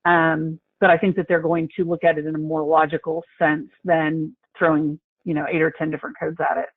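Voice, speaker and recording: A man consulting on healthcare coding in a webinar discussion, explaining in a measured, deliberate way. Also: on the high side, little pitch movement, no echo. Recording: tinny phone-line audio.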